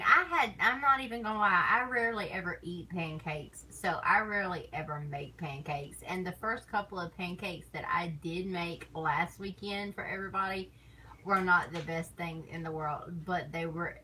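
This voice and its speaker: A woman's voice: on the low side, moderate pace, bright, forceful tone, slight background noise, rough recording. A woman streamer chatting casually on stream, rambling and teasing, laughing often between thoughts. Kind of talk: casual chat.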